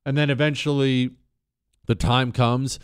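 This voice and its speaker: A man's voice: mid-range voice, a little slow, clear, resonant tone, no room sound, clean studio sound. A middle-aged man from Montana, hosting a talk show and telling a personal story in a wry, conversational way. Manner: conversational, wry, animated when shouting drill instructor lines. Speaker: radio talk show host. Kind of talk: storytelling monologue.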